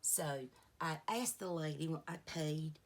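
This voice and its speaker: Speaking slowly in a low-pitched voice, this middle-aged woman talks through her get-ready-with-me routine as a beauty vlogger. She meanders through anecdotes with lots of side comments.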